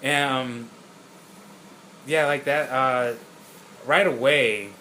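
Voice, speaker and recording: A laid-back man reviews a film with casual swearing and lots of hesitation. His tone is bright and edged. There is faint background noise behind him. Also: mid-range voice, steady tone, drawn-out words. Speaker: podcast co-host, film reviewer. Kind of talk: casual movie review chat.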